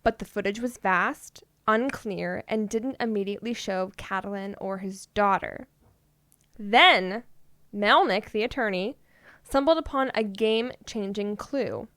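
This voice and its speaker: A woman's voice: mid-range voice, unhurried, fairly bright tone, no room sound. A woman co-hosting a podcast, telling odd stories in a playful, casual way and often laughing. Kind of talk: casual storytelling chat.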